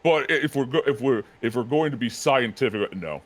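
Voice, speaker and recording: Animated man with lively pitch. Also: a little fast. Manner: animated, laughing, self-correcting. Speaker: guest. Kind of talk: casual chat.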